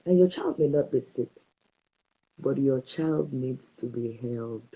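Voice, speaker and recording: A woman talks about parenting in a warm, slightly husky voice. She is emphatic and drives her points home with short repeated commands. The recording sounds dull and lo-fi. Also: a bass voice, slow. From Nigeria. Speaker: parenting speaker. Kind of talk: direct-to-camera parenting talk.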